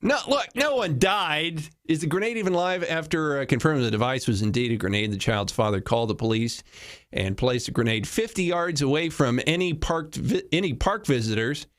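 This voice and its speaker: Animated man riffing on news stories. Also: fairly high pitch, fairly quick. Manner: wry, laughing, slips into mock voices. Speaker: talk show host. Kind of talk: solo comedic news commentary.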